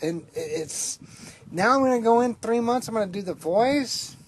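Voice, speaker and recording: A woman talking candidly to the camera outdoors at an oil well site, chatty and rambling, quick to laugh. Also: on the high side, lively intonation. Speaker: vlogger. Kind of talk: candid personal vlog. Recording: noisy outdoor recording.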